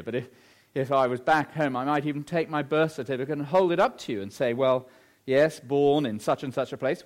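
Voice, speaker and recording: Emphatic middle-aged preacher. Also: male voice. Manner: emphatic, rhetorical questions, lively pitch swings. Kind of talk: sermon.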